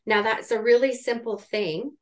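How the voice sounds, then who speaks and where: A middle-aged woman speaks in a live coaching conversation, earnest and pressing. She thinks out loud, circling back to her point with clear conviction. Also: fairly high pitch, steady tone, normal speed. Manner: earnest and urgent, thinking aloud. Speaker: coach in training.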